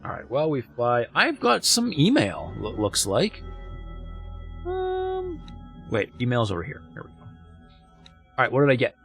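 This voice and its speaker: A man's voice: medium pitch, huge pitch swings, a little slow, gravelly, long pauses, fairly bright tone, faint music behind. A man chatting casually while he plays a space game live, joking and cheering his small wins. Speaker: streamer. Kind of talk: live gameplay commentary.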